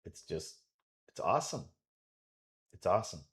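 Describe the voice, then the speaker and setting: A man's voice: sits low, big pitch swings, normal speed, fairly bright tone. A man coaching and commentating a pool match live from his club, enthusiastic and rambling with many restarts.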